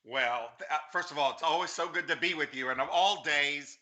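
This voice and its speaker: A man speaks as a political guest on a talk show. His voice is very bright and edged, pitched a little high, and he talks in an effusive, earnest way. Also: brisk.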